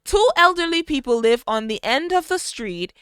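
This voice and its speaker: Bright chatty woman narrating gameplay. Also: high-pitched, lively intonation, moderate pace, dry recording, clean studio sound. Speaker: gameplay storyteller. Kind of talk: casual narrated gameplay storytelling.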